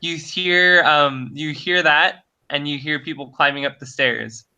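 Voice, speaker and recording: Slow, bright-voiced male game master. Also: a little high, smooth, low-quality recording. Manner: hesitant, many fillers. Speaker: dungeon master. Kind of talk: narrating a tabletop game.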